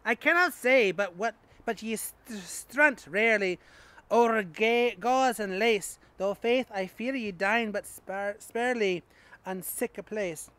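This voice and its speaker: Indignant Scottish churchgoer voiced by a man, broad-accented, deliberate and unhurried, declaiming verse. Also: high voice, sharp tone, dry recording, exaggerated voice. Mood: scolding. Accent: put-on Scottish.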